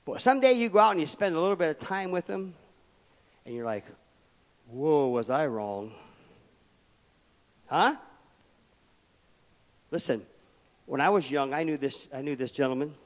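A man, preaching a sermon as pastor, emphatic and swinging between loud declarations and quiet asides. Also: on the high side, expressive, brisk, long pauses. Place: church sanctuary. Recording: long reverb of a church hall.

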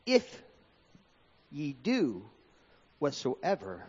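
Preaching very slowly in a church hall, a man with a husky, darkish voice on the high side reads scripture with wildly swooping pitch and a sing-song cadence that swings up and down. The recording is dull lo-fi with long hall reverb.

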